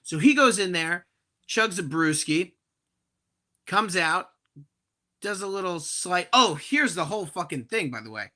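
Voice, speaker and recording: A young man in his twenties telling a profane, animated story on a casual podcast. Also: sits high, measured pace, long pauses. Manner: animated, profane, acts out quoted voices loudly.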